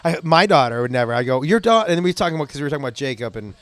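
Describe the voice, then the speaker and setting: A middle-aged man, a stand-up comedian, talking in a casual, profane monologue that bursts into loud rants. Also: mid-range voice, racing, no room sound. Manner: profane, animated ranting with loud outbursts.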